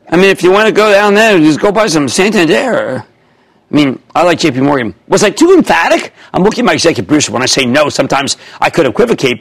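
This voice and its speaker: A man in his sixties hosting a TV stock show, loud and theatrical, jumping between shouts and mutters. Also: a little high, breathy edge, low-quality recording. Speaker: TV host. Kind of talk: excitable TV stock commentary.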